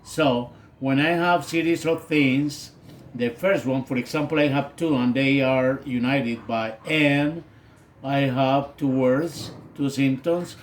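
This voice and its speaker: Slow, hesitant male teacher. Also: medium pitch, steady tone, a little hiss or hum. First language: Spanish. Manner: hesitant, with many fillers. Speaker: English teacher. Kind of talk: recorded video lesson.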